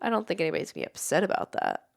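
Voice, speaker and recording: A woman co-hosting a podcast in casual chat, relaxed and talking in loose run-on thoughts. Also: on the low side, very fast, creaky. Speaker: podcast co-host.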